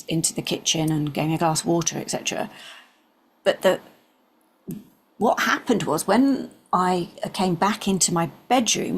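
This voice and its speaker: Earnestly recounting a personal story, this interview guest in her sixties has a lowish, gravelly, husky voice and at times drops to soft whispers.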